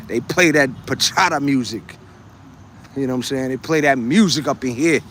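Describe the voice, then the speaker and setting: A man's voice: mid-range voice, normal speed, a bit bright, slight background noise. A man chatting casually on a livestream, reading viewer comments, laughing often and repeating phrases as he talks. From United States. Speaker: livestream host.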